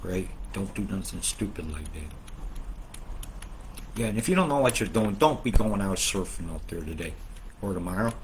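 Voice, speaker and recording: A man hosting a casual, rambling weather update, swearing often and swinging between loud outbursts and low muttering. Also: lively intonation, moderate pace, long pauses, a little hiss or hum. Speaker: weather video host.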